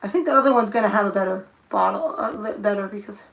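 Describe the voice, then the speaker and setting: A woman's voice: medium pitch, fast talker, gravelly, low-quality recording. A young woman chatting casually on a live stream as she paints her nails, thinking aloud and muttering to herself. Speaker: nail art streamer.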